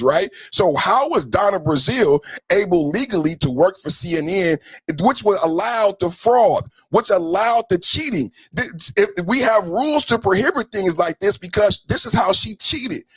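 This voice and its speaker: A man hosting a podcast, giving a fiery, profane political commentary rant with mocking jabs and bursts of shouting. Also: high-pitched, breathy edge, dry recording, poor audio. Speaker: podcast host.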